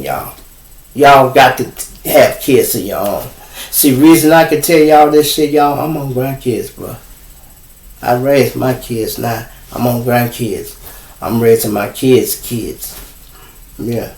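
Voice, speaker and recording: A man's voice: medium pitch, a little mellow. A middle-aged man with a Chicago accent hosts a casual livestream monologue, blunt, profane and preachy as he lectures his viewers. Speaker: show host. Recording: roomy echo.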